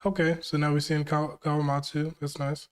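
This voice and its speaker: A man's voice: fairly high pitch, level tone, normal speed, clean tone. A young man hosting a live manga reaction, reading lines aloud and reacting in hyped, slangy bursts. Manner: hyped, slangy, reads quotes then reacts.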